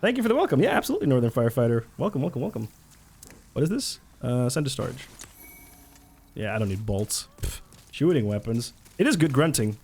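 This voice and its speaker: A man chatting casually as a live game streamer, excitable and giggly. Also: mid-range voice, a little fast, husky.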